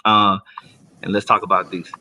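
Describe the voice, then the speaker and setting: A man hosting a casual livestream, joking and slangy, doing high voices when he quotes people. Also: level tone, normal speed, pushed and bright. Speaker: livestream host, Army career counselor.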